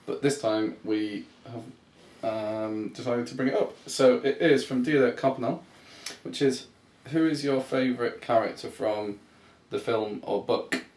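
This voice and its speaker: A man co-hosting a podcast in casual chat, easygoing and quick to laugh along. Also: mid-range voice, darkish tone. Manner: easygoing, laughs along and reads listener questions. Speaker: podcast co-host. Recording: roomy echo, faint background hiss.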